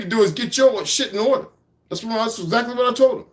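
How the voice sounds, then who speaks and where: A fairly high-voiced man gives a heated, blunt rant to his followers, full of profanity. He talks casually and straight to the camera. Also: fast talker. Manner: talks to his puppy between points. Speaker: vlogger. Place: at home by an open patio door.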